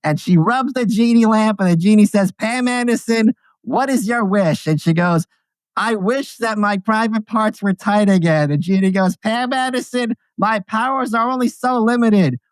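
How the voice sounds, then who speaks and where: A man doing an impression of a shrill, grating male comedian telling a crude joke, with a high, strained comic delivery. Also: normal speed, clean tone, no room sound, natural voice. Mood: crude joking.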